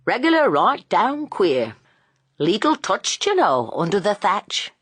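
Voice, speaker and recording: A woman voicing a gentle, sheepish older husband who talks slowly and fondly. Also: mid-range voice, huge pitch swings, breathy edge, no echo, pitched above the performer's own voice, exaggerated voice. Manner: slow, fond, rustic.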